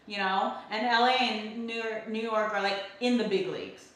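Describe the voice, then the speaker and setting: Young woman host, from California, lively swearing rants to chat; very echoey room. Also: a little high, moderate pace, hardly any pauses. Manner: ranting, animated, swears freely. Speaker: livestream host. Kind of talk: casual livestream chat reading comments. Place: home kitchen.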